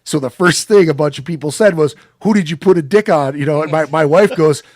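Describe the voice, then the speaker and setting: A man's voice: on the high side, brisk, a little mellow, no room sound, studio quality. A man telling a long story in casual chat as a podcast guest, swearing a lot and acting out the quotes in a rambling way. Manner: profane, rambling storyteller who acts out quotes.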